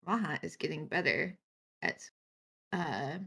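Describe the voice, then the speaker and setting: An earnest, helpful character who keeps calling itself by its own name, voiced by a woman in a low, slightly husky voice. It speaks hesitantly, searching for words. The delivery stays close to everyday speech. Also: very animated, unhurried, sharp tone, full character voice. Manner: refers to itself in third person, hesitant.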